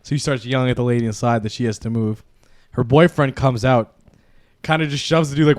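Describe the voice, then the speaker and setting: A relaxed young man with an everyday middle-pitched voice, chatting and cracking jokes on a podcast. His voice sounds dry and close, with no room echo. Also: a little fast. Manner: laid-back, chimes in with jokes and retellings. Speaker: podcast co-host. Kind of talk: casual chat.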